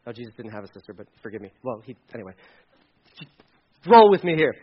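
A male pastor preaches in a high voice, in a loose, conversational way. He often restarts and corrects himself and drops in joking asides. The recording sounds dull and lo-fi. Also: very animated, fast, breathy edge. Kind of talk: sermon.

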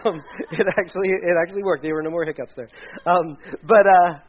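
A man's voice: sits high, fairly even intonation, fairly quick. A man, a pastor, giving a casual, conversational sermon, rambling with restarts and side stories. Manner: chatty, rambling with restarts and asides. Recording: dull lo-fi recording.

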